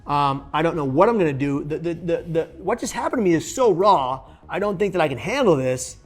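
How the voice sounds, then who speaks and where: A man's voice: on the high side, expressive, brisk, soft background music. A man speaking to camera about his own experience, telling it with energy and acting out the lines of other people in the story. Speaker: suicide prevention speaker.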